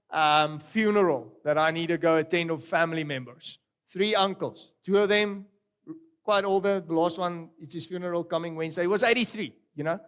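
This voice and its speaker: A middle-aged man preaching a sermon, animated and swinging between loud exclamations and quiet storytelling. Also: high-pitched, smooth. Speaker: pastor.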